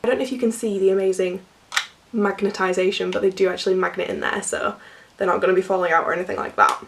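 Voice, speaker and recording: A young woman talks casually through an unboxing, her voice croaky from a cold with a gravelly edge. She chats in a loose, filler-heavy way. She sits a little back from the microphone. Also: mid-range voice, steady tone, fast talker, far from the mic, slight background noise. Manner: chatty, filler-heavy, laughs often. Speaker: vlogger.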